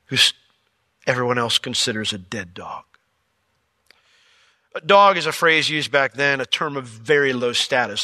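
A man preaching a sermon as pastor, telling the story with jokes and lively asides. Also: mid-range voice, normal speed, no room sound. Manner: animated, joking storyteller.

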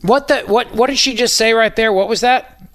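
A man's voice: extremely high pitch, normal speed, a bit bright, no echo. A man hosting a talk radio show, mocking and incredulous in playful banter with his co-hosts.

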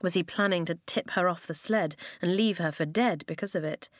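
A woman narrating an audiobook in a calm, even storytelling manner. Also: fairly low pitch, fairly quick, dry recording, studio quality.

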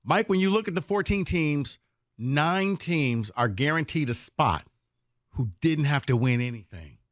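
A man with a slightly high, very lively voice argues his points on a sports talk show, pushing back hard on his co-hosts. The sound is dry and close. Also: unhurried, no room sound. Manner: animated, argumentative.

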